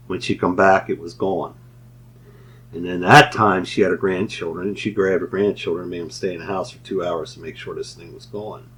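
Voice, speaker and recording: A man's voice: sits low, a bit bright, slightly rough, low-quality recording. A man telling rambling paranormal anecdotes on a casual radio show, often laughing at his own stories. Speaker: paranormal investigator, show regular. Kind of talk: casual storytelling chat.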